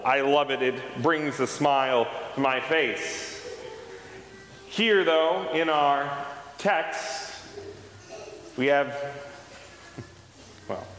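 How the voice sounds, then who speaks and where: A pastor delivers a sermon, recounting a personal story conversationally and acting out the dialogue. His voice is medium in pitch with a fairly bright tone. The recording carries roomy hall reverb and faint background noise.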